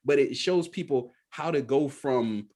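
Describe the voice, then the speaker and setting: A man's voice: medium pitch, unhurried, darkish tone. A man, an actor and coach guest on a podcast, telling his story and laughing often. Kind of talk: casual interview.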